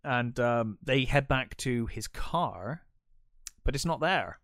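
A man co-hosting a casual film podcast, talking in halting bursts, repeating words and chuckling often. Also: medium pitch, animated, a bit bright, no echo, clean studio sound. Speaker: podcast co-host.

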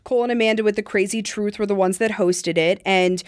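A woman's voice: medium pitch, steady tone, fairly quick. Frank, laughing woman podcast co-host. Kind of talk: casual podcast chat.

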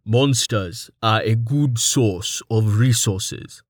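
A man voicing a stoic, dryly humorous armored male warrior in an audiobook, speaking in a slow, measured and formal way. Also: lowish voice, dry recording, studio quality. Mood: calm.

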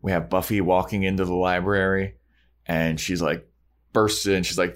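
A young man co-hosting a podcast, recapping scenes in a casual, animated way and acting out every character. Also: low-pitched, normal speed. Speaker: podcast co-host.

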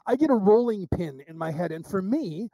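A man's voice: sits high, normal speed, no echo. A middle-aged man being interviewed as a psychic medium, telling stories and acting out the dialogue, often restarting his sentences. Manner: animated storyteller acting out quoted dialogue, with restarts. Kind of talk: casual interview storytelling.

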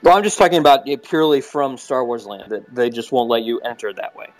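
A man's voice: mid-range voice, animated, quick pace, faint music behind. A man co-hosting a casual chat over a call, talkative and teasing. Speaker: podcast co-host.

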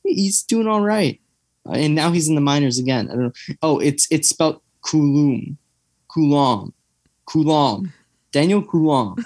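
A man's voice: on the high side, normal speed, a little mellow, no room sound. A young man, chatting casually as a podcast co-host, rambling with lots of fillers and tangents. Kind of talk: casual chat.

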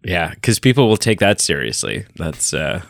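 A man's voice: sits low, big pitch swings, moderate pace, gravelly, a little hiss or hum. A man co-hosting a podcast while sick with a head cold, chatting casually with rambling, self-interrupting dry jokes. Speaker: podcast co-host. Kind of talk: casual chat.

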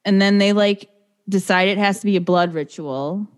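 A woman's voice: medium pitch, normal speed, clean tone. A woman chatting casually, retelling a film scene by scene and laughing often. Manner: lively, laughing, acts out quotes. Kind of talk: casual chat recapping a film.

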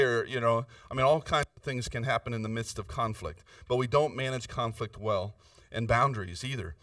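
A man's voice: mid-range voice, sharp tone, no room sound, clean studio sound, distant mic. A man preaching a conversational sermon as a pastor, earnest and personal, often checking in with "right?".

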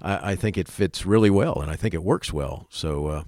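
A man's voice: deep voice, normal speed, a little mellow, no room sound, clean studio sound. A man hosting an interview, chatty and enthusiastic as he asks questions. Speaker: interview host. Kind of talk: interview conversation.

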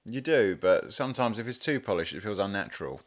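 Deep-voiced producer guy chilling on a podcast, laid-back, laughs a lot. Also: animated, fairly quick. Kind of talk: casual podcast chat.

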